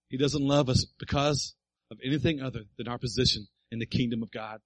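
A man's voice: mid-range voice, steady tone, a little fast, hardly any pauses, no room sound, poor audio. A middle-aged male pastor preaching a sermon, telling a family story and building to emphatic appeals.

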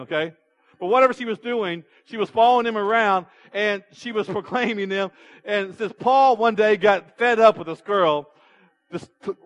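Man, pastor, sermon, high voice, rhetorical questions, storytelling. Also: fairly bright tone. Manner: storytelling with repeated restarts.

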